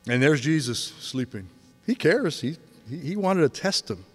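A man in his sixties preaching a sermon, telling stories with energy and dropping to a hush for emphasis. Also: a little high, moderate pace, breathy edge. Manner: animated storytelling, swings from loud to hushed. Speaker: pastor. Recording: long hall reverb.

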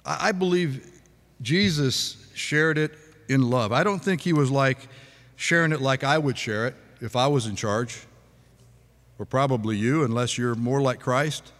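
A man's voice: medium pitch, a little slow, a bit bright. Conversational male preacher in a reverberant hall. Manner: conversational preaching with audience questions. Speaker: pastor. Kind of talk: sermon.

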